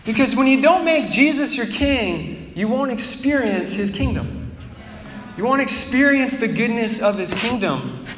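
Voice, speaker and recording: A pastor preaches a relaxed sermon to his congregation, and he talks in a conversational way. His voice is very high for a man. The hall rings with a long reverb. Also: measured pace, a little hiss or hum.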